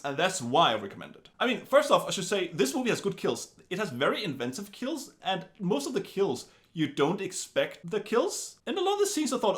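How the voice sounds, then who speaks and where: A man giving a casual film review in an animated, wry way, full of chatty asides. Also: sits high, fairly quick, few pauses.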